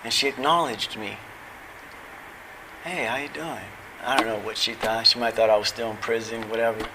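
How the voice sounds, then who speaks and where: A man's voice: on the low side, steady tone, fast talker, background noise. A middle-aged man giving a recovery testimony at a convention, telling it casually, acting out quoted dialogue and chuckling at his own stories.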